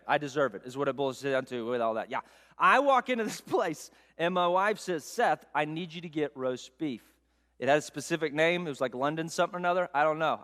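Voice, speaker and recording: A man preaching a sermon, telling a self-mocking story in an animated way. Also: high-pitched. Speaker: pastor. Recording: long hall reverb.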